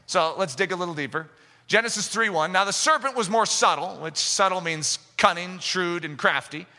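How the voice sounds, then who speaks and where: A man preaching a sermon with fervor, rising to shouts and mimicking the voices of doubters. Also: high-pitched. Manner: impassioned, rising to shouts, acting out skeptics' voices. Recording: long reverb of a large hall.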